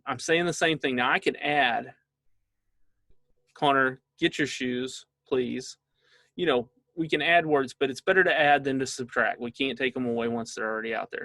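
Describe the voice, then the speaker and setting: A man's voice: medium pitch, a bit bright, no echo. A middle-aged man, a father, leading a casual training session for parents and often checking in with his listeners.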